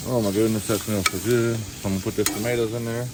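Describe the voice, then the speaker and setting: A man's voice: on the low side, little pitch movement, fast. A middle-aged man with a Southern US accent chatting folksily to a nearby camera as he cooks at a winter campsite, with outdoor noise and a sizzling pan. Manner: folksy, chatty, talks while cooking. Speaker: outdoor vlogger. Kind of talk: casual cooking chat to camera. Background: outdoor ambience and frying food.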